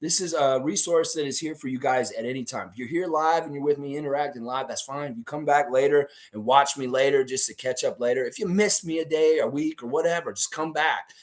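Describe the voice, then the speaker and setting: Hoarse young man hosting a live stream. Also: mid-range voice, brisk, hardly any pauses. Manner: animated, rambling storytelling. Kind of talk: casual live-stream chat.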